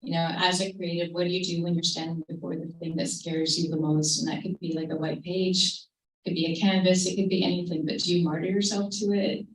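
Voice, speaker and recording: A woman tells a soft, thoughtful story to a live crowd at a creative talk, her lowish voice barely shifting in pitch as she moves briskly along. The sound echoes like a large hall and feels a bit distant from the microphone, as captured on a livestream.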